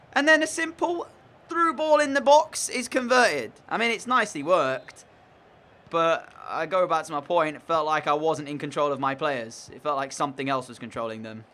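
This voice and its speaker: Sarcastic, bright-voiced young man gaming. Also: sits high. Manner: exasperated, sarcastic play-by-play. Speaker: gaming commentator. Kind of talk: video game commentary.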